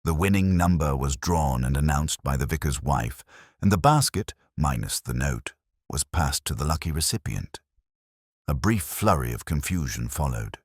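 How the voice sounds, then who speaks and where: A man reading a cozy mystery story aloud, his voice extremely deep and resonant in the low end. He tells it with a lively, rolling lilt, and the recording is close and completely dry. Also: breathy edge, no room sound. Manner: measured, expressive storytelling. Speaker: narrator. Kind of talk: scripted storybook narration.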